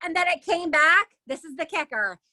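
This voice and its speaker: Indignant high-voiced middle-aged woman. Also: normal speed, no echo. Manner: animated, acts out other people's lines. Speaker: interview guest. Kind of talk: emotional personal storytelling.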